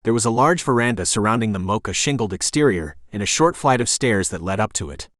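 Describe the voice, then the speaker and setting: A man narrating a romance audiobook in the first person, calm and even. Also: on the low side, fast talker, no echo, clean studio sound.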